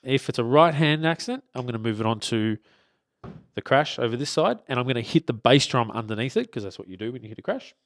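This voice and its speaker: A man giving a relaxed drum lesson beside his kit, with lots of fillers and restarts, often checking in with "okay?". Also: medium pitch, fast talker, dry recording, studio quality. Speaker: drum teacher. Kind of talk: casual spoken lesson.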